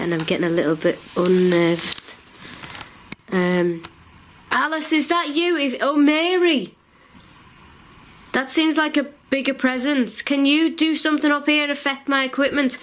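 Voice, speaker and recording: A woman paranormal investigator calling out to spirits in an old farmhouse at night, nervous and breathy, recorded on a handheld camera. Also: high voice, measured pace, long pauses, slight background noise. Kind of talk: ghost-hunting calling out.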